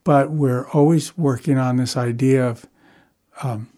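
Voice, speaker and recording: A man in conversation with another musician, speaking in a measured, thoughtful way about big ideas. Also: mid-range voice, fairly even intonation, mellow. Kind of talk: conversational reflection.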